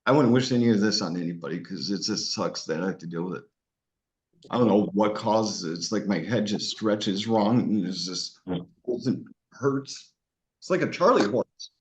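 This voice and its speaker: A man's voice: fairly low pitch, lively intonation, normal speed. A man chatting casually as interviewer, swearing often and laughing easily. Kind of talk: casual chat. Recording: dull lo-fi recording.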